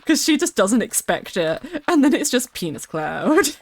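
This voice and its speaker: A woman's voice: on the high side, big pitch swings, moderate pace, vocal fry, dry recording. A woman streamer chatting casually and rambling while she plays, swearing now and then and reading her chat aloud. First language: English.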